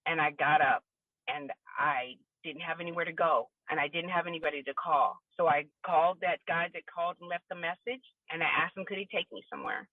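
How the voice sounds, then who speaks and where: A woman's voice: sits low, brisk, dry recording. A woman guest on a podcast interview, giving candid, emotional personal testimony. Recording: tinny phone line, dry.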